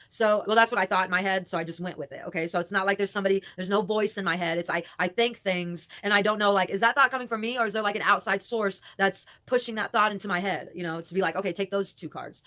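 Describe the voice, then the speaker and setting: A woman's voice: medium pitch, fairly bright tone. A woman hosting her own channel, chatting to camera while doing a card reading, rambling and repeating herself with muttered asides. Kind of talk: rambling casual talk to camera.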